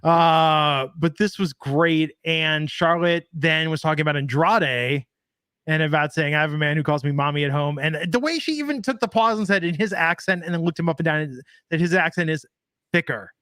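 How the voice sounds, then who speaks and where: Bright, dry-sounding man podcasting. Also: on the high side, normal speed, dry recording. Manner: joking, rambling, swears freely. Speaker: podcast co-host. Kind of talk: casual wrestling podcast chat.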